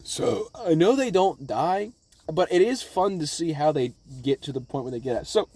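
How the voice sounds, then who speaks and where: Man, high voice, rambling casual recap, swears a lot, excitable, dead dry recording. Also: normal speed, dry recording. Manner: rambling, profanity-laden, excitable. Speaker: anime reaction vlogger.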